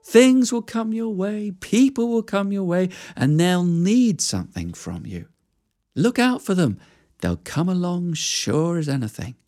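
A calm magical woman from a told fairy tale speaks gently and unhurried, with a lively lilt in her reassurance, as a woman storyteller puts her on. Faint music sits behind her. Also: fairly low pitch. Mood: reassuring.

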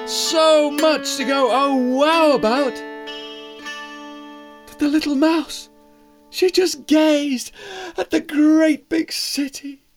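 A storyteller reading a children's tale in a gentle, expressive way. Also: high-pitched. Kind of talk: bedtime story narration.

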